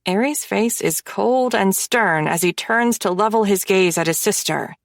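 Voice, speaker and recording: A woman narrating a first-person romance audiobook in an expressive, wry manner on a close microphone. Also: mid-range voice, measured pace, vocal fry, dry recording.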